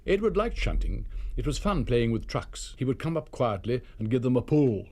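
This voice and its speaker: A man reading a children's railway story aloud as narrator, expressive and measured. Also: medium pitch.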